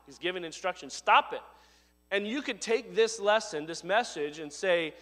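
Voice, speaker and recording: A man preaching a sermon, his voice swelling to loud emphatic lines and dropping low and soft. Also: lively intonation, moderate pace, in a large hall. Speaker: pastor.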